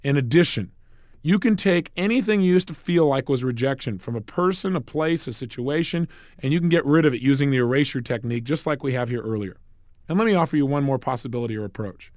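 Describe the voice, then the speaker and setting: Emphatic man, lively rising and falling pitch. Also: fast talker, no echo, studio quality. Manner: emphatic, punchy coaching delivery. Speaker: motivational speaker. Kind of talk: recorded motivational talk.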